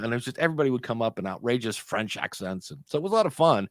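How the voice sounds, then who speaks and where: A man co-hosting a podcast live stream, telling stories in a chatty way and often pausing to hunt for the next word. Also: medium pitch, animated, no echo, clean studio sound. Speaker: podcast co-host. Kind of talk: casual chat on a live stream.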